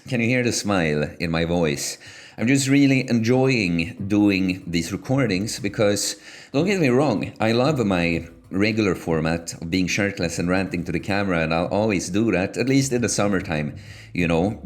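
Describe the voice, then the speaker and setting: A man hosting his own channel, talking alone in a room in a relaxed, rambling way that wanders off on side points. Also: lowish voice. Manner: relaxed rambling, self-correcting. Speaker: channel host. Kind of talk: casual solo talk.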